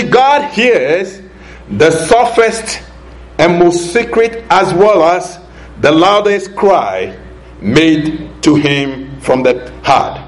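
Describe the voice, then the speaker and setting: A man preaching a sermon, slow and deliberate, drawing out key words for emphasis and chuckling now and then. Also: high-pitched, poor audio.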